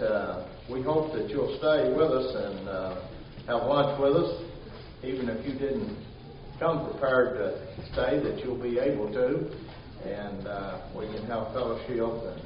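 A man's voice: medium pitch, slight background noise. Pastor, male, emphatic sermon delivery with repeated lines, recorded from a distance in a church with a dull, muffled sound. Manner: emphatic, repeats phrases, many "uh" fillers. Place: church sanctuary. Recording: echoey church from far off, dull.

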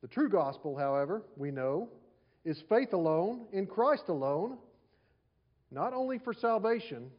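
Male pastor, sermon, slightly high voice, repeats key lines, rhetorical questions, muffled lo-fi recording. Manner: conversational preaching with rhetorical questions and repeated phrases.

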